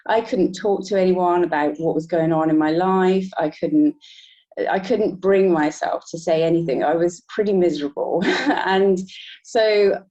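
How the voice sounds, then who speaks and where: A woman guest telling a personal story in a relaxed interview, often laughing lightly between thoughts. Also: fairly low pitch, a little slow. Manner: reflective, laughs between thoughts, many restarts. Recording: dull lo-fi sound.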